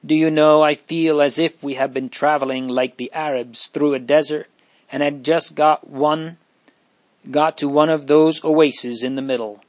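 A man's voice: a little high, steady tone, measured pace, no room sound, natural voice. A man voicing a grieving young French girl fugitive, earnest and tearful, in a dry recording. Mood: wondering.

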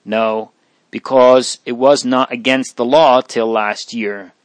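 A man reading aloud, voicing a calm, protective teenage boy who gently reassures his younger siblings. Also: medium pitch, takes it slowly, no echo, close to an everyday voice. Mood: gentle.

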